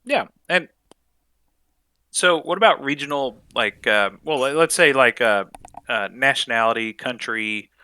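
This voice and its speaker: A man's voice: mid-range voice, lively intonation, a little slow, bright, forceful tone, clean tone, dry recording. A man from the American South co-hosting a casual gaming podcast, talking in a frank, easygoing way. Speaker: podcast co-host.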